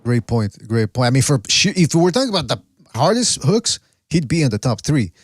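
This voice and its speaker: A man's voice: mid-range voice, big pitch swings, a little fast, no room sound. A man hosts a casual podcast and rambles along, stopping to search for names and restarting his sentences. His voice sits in the middle range for a man. It is recorded dry, with no room sound. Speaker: podcast host.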